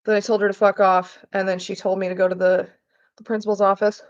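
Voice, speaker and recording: A woman talks fast as she cooks in her home kitchen, telling casual stories for her vlog. Her medium-pitched voice shows little pitch movement, and she swears freely while acting out the people she quotes. The audio is dull.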